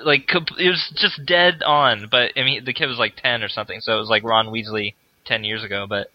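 A man's voice: medium pitch, fairly even intonation, fairly quick, dull audio. A man co-hosting a casual podcast, telling a rambling story with lots of laughs and fillers. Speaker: podcast co-host. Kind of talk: casual chat.

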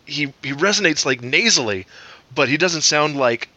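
A man's voice: on the high side, expressive, normal speed, pushed and bright, no echo. A man in casual comedic podcast chat, joking crudely and bantering.

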